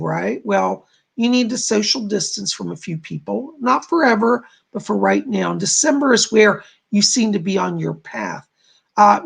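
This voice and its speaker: Gravelly male psychic medium. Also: high voice. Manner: reads viewer comments aloud and relays spirit messages; informal, repeats "I gotta tell you". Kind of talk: live-stream psychic readings.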